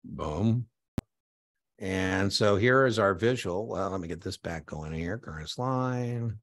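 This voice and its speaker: Teaching exam prep in a live online lecture, this man speaks in a very deep, low voice and a little slowly. He keeps things energetic and conversational, punctuating points with forceful "boom"s.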